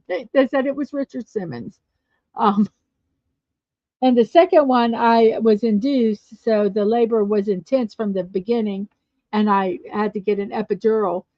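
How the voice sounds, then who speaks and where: A woman hosting a casual livestream chat show, chatty and quick to laugh as she tells stories and answers viewer comments. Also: medium pitch, no echo. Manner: chatty, laughs often, storytelling. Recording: dull lo-fi dry sound.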